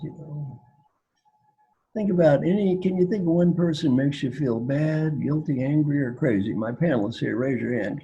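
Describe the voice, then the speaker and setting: An older man from Kentucky speaks in a folksy, joking manner, often repeating a phrase to drive it home. His voice is gravelly and husky, with a dark, mellow tone. He speaks as a guest on a coaching panel. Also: fairly high pitch, dull audio. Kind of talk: casual storytelling on a video call panel.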